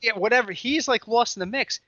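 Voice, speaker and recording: A man co-hosting a football podcast, chatting casually and telling stories in an animated, excitable way. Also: very high voice, fairly quick, no room sound, highs cut off. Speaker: podcast co-host. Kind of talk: casual sports chat.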